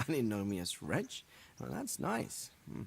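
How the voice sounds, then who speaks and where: An actor playing a stern, dignified noble lord in a video game, speaking in a formal, measured way. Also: male voice, mid-range voice, gravelly, breathy edge, exaggerated voice. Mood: grave. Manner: formal, measured, expressive delivery.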